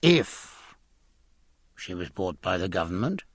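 A man voicing a shrewd older uncle who speaks slowly and dryly. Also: sits low, sing-song, slightly rough, no room sound, pitched below the performer's own voice, exaggerated voice. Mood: knowing. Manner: slow, calculating, dry.

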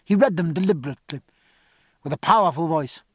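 A man's voice: fairly high pitch, lively intonation, fast talker, no echo. Man narrating a sea story. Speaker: audiobook narrator. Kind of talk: scripted narration.

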